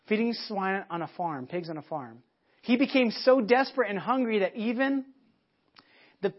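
A man from the United States preaching a sermon in a conversational way, acting out people's thoughts as he goes. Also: sits high. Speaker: pastor. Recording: dull lo-fi sermon audio.

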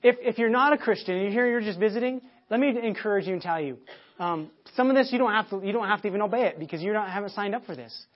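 A man preaching a sermon, telling a family story with many restarts and repeated words, and getting loud when he acts out shouting. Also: high voice, fast talker, muffled recording. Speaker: pastor.

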